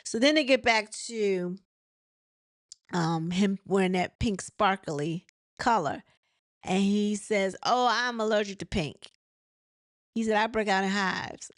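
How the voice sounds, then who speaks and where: A woman's voice: medium pitch, slow pace, long pauses, no room sound, studio quality. A woman hosting a casual reality TV recap, chatting and retelling scenes with quoted dialogue and frequent laughs.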